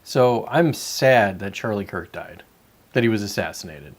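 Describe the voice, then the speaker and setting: A man's voice: fairly low pitch, animated, measured pace. A man hosting a casual solo livestream, rambling and talking to his chat viewers by name between sips of coffee. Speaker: livestream host.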